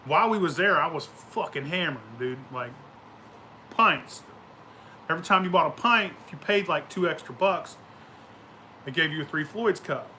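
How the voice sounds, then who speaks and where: A brash, foul-mouthed man spins loose stories, breaking into laughter as he goes. His voice sits a little high and rings bright and forceful. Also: expressive, normal speed, long pauses, a little hiss or hum. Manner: profane, boisterous, laughs often. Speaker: show host. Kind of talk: casual rambling storytelling.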